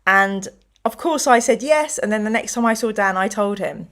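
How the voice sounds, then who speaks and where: A middle-aged woman, chatting casually as a show's host. She tells her stories with lively back-and-forth, slipping into the voices of the people she quotes. Her pitch sits in the ordinary middle range. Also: moderate pace. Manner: chatty storyteller who acts out quoted voices. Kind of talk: casual chat.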